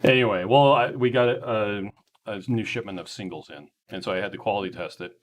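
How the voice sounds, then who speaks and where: A man's voice: fairly low pitch, a little fast. An American man co-hosting a casual live stream, matter-of-fact as he reads out viewer comments. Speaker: co-host of a company live stream.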